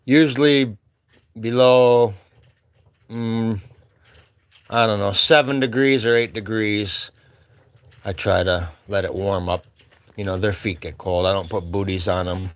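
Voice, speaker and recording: Slow-talking wry American man, dry mic. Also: fairly low pitch, no echo. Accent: Upper Midwest American. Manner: rambling and wry, talking to his dogs. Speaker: vlogger. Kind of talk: casual chat. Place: remote cabin.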